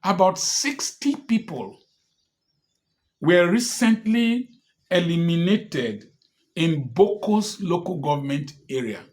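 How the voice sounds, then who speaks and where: A man delivering impassioned political commentary in a fairly high voice. He speaks slowly and deliberately, hammering home one rhetorical question after another. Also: expressive, darkish tone. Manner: repeated pointed rhetorical questions.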